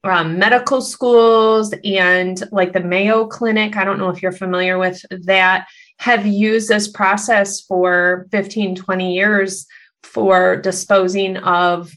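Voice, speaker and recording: A woman's voice: mid-range voice, flat delivery, slow pace, fairly bright tone. A woman mortician from Michigan with a nasal Upper Midwest accent, talking casually as a podcast guest, laughing easily and trailing off mid-thought. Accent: Upper Midwest American (Michigan). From Michigan, USA.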